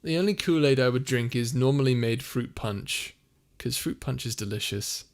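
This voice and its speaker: Brief: young male streamer, playful casual chat, frequent laughs, mid-pitched voice. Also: normal speed. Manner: chatty and playful, laughs often. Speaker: streamer and audio creator. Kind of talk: casual live-stream chat, reading viewer comments.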